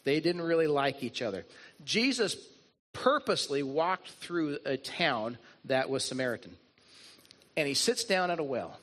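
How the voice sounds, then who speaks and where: Pastor guy preaching, voice sits a bit high, earnest storyteller, repeats himself for effect. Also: sing-song, a little slow, fairly bright tone. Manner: earnest storytelling, leans on repetition. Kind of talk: sermon.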